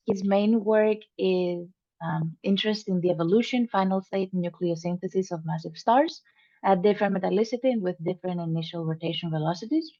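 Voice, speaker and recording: A woman's voice: fairly low pitch, a little mellow, no room sound. A woman postdoc hosting a seminar over a video call, giving polite, formal introductions of the speaker. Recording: dull dry video call audio.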